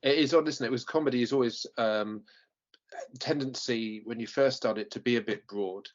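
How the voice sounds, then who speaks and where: A man from Essex hosts a casual interview, talking in a medium pitch and pausing often with ums and restarts. The recording sounds dull and lo-fi. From Essex, England. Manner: chatty, musing with hesitations. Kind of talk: casual chat.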